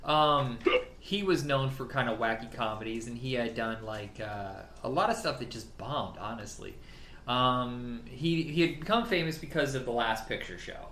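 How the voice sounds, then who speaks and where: A man in casual conversation about films, lively and profane, quick to laugh. His voice rings in a roomy space, with faint background noise beneath it. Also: mid-range voice. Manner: animated, swears freely, laughs often. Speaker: podcast co-host. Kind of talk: casual film chat.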